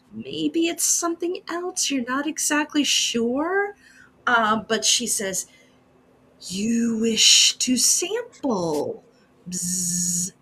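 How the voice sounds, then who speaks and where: Woman, game master, tabletop narration, bright tone, breathy edge. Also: high-pitched. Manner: descriptive, unhurried, second-person scene-setting.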